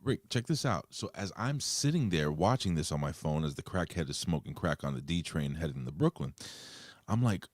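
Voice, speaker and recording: A man, co-hosting a casual podcast and telling stories in an animated, profane way. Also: extremely low pitch, moderate pace, no echo, clean studio sound. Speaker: podcast co-host. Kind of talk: casual chat.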